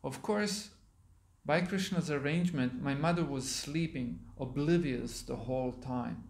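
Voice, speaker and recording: A man, a monk giving a sermon, reading a story aloud and pausing to explain words to his listeners, in a temple hall. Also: mid-range voice, creaky. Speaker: monk lecturer.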